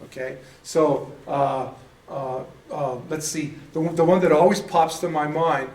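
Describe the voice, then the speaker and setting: A man's voice: fairly high pitch, fairly even intonation, unhurried, a little mellow, slight background noise. A man teaching a casual church class, chatty and self-deprecating, often laughing at himself. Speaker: Bible study teacher. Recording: echoey room, mic at a distance.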